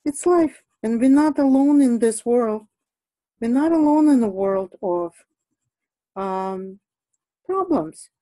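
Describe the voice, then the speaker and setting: A woman talks through an art lesson as she draws. Her voice is mellow and soft-edged, and the sound is close and dry with no room around it. She is chatty, laughs easily and often pauses on fillers. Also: a little high, expressive, no echo, rough recording. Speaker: art instructor. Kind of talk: casual teaching while drawing.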